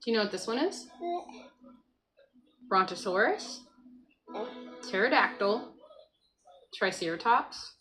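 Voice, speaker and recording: A woman's voice: mid-range voice, animated, slow, long pauses, sharp tone, faint music behind, poor audio. A woman hosting a casual morning livestream at home, chatting to viewers, reading the chat aloud and talking to her child beside her. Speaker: livestream host. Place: at home by a computer.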